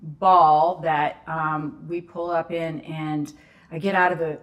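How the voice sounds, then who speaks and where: A woman tells a story as a podcast guest, chatting casually. Her voice sits a little low. She acts out the people in the story with lively shifts. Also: takes it slowly, lo-fi sound. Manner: animated storyteller acting out quoted dialogue.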